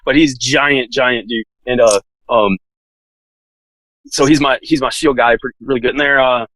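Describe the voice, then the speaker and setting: A man's voice: medium pitch, steady tone, moderate pace, a bit bright, no echo, poor audio. A man telling a story in a casual, laid-back way, full of "like" fillers and laughing now and then. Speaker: podcast guest, SWAT officer.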